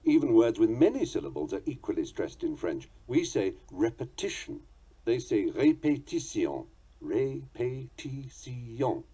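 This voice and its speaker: A man's voice: fairly low pitch, very animated, a little fast, few pauses, mellow, breathy edge. A man with a British English accent reading a book on poetry aloud, dry, precise and wry. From England.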